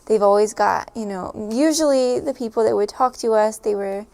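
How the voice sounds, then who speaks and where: A woman's voice: a little high, moderate pace, vocal fry, mellow. A woman chatting casually and giggling often, with lots of fillers as she recalls her time abroad. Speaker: storyteller recalling a stay abroad. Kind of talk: casual chat to camera.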